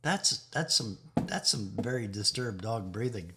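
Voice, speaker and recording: A man's voice: lowish voice, animated, a little slow, few pauses, noisy background. A man talking in a rambling spiritual monologue, laughing now and then and sometimes dropping to a whisper. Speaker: video host.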